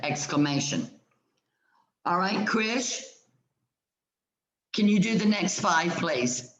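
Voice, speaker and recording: A woman teaching a grammar class, speaking patiently and slowing down to spell out each rule. Her voice sounds roomy, with a clear echo around it. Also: fairly low pitch, expressive.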